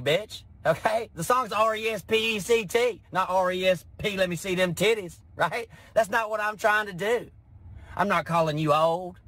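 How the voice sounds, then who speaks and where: A man's voice: high voice, a bit bright, breathy edge, no echo. A man from Alabama with a Southern US accent, a comedian ranting in a profane, exasperated way. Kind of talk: comedic rant to camera.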